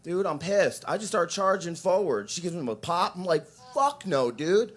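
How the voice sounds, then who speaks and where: Brief: young male comic, crude, rambling, very lively delivery. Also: high-pitched, moderate pace. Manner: crude, rambling, jumps into shouted impressions. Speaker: open mic comedian. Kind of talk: stand-up comedy set. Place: coffee shop open mic stage.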